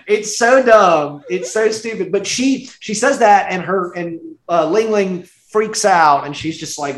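A man's voice: fairly high pitch, takes it slowly. A man co-hosting a casual podcast about a movie, rambling with many fillers and frequent laughter. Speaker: podcast co-host. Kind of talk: casual chat reviewing a movie. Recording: roomy echo.

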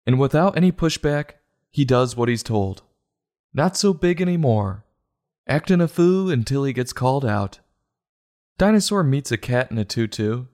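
Man, sarcastic book reviewer, deadpan, exasperated, profane asides. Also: mid-range voice. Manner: sarcastic, exasperated, rising to incredulous questions. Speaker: host of a book review show.

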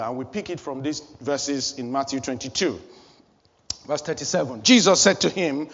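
A man's voice: medium pitch, normal speed, a bit bright, in a large hall, lo-fi sound. A man preaching a sermon as pastor of his church, building emphasis with repeated phrases.

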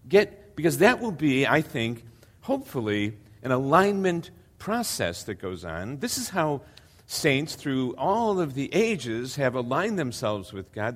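An older man preaching as a visiting pastor, earnest and hesitant with many fillers, building to emphatic repetition. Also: mid-range voice. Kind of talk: sermon.

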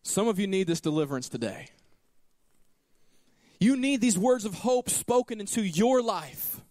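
A male pastor preaching in a church, his fairly high voice swinging widely up and down as he tells stories and acts out what people say. A long hall reverb trails behind his words. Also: a little slow. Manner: animated storytelling, acting out quoted lines. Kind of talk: sermon. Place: church sanctuary.

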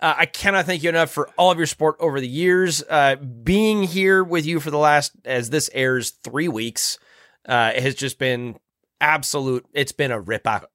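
A man's voice: on the high side, moderate pace, fairly bright tone, dry recording. A man co-hosting a casual studio chat show, playful and joking, laughing often. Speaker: podcast co-host.

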